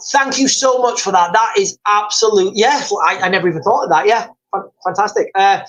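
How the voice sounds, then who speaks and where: Male streamer, rambling and excitable, restarts sentences, reads chat aloud. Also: sits high, low-quality recording. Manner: rambling, excitable, repeats phrases, many fillers. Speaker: livestream host. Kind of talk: casual livestream chat reading viewer comments.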